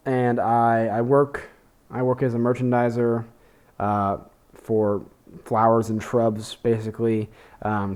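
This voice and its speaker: A man's voice: fairly low pitch, darkish tone. A young man hosting a podcast, talking in a rambling, profane, self-deprecating way with many fillers and restarts. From Texas. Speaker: podcast host. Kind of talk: casual monologue.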